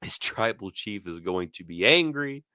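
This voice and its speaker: A man hosting a casual wrestling review, telling the story with animated energy, acting out lines, laughing often and restarting his sentences. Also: lowish voice, normal speed, clear, resonant tone, dry recording, clean studio sound. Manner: repeats words and restarts mid-sentence.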